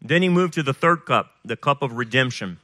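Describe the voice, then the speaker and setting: A pastor preaching a sermon, reading scripture aloud with rising, animated emphasis. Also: male voice, medium pitch, fairly quick, no echo, clean studio sound. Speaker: pastor leading a Passover Seder service.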